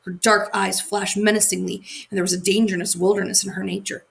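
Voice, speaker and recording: A woman narrating a fairy tale aloud, expressive and sometimes correcting her own slips. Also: mid-range voice, brisk, vocal fry. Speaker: audiobook narrator. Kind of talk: storybook reading.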